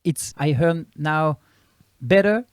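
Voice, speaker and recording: A man's voice: on the high side, slow pace, clear, resonant tone, no echo, studio quality. A French comedian, a man with a French accent whose native language is French, chatting as a guest while searching for English words. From France. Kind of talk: casual interview chat.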